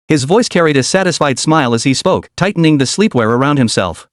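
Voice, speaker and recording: A man's voice: fairly high pitch, animated, fairly quick, no echo, studio quality. Man narrating a story recap.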